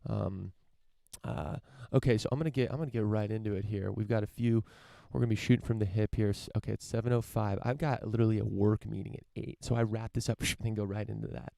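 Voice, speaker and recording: Gravelly low-voiced young man rambling. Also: fairly even intonation, quick pace, warm tone. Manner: rambling, profane, lots of fillers and restarts. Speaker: podcast host. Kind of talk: casual solo podcast monologue. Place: parents' home, indoors. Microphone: camera setup for a live stream.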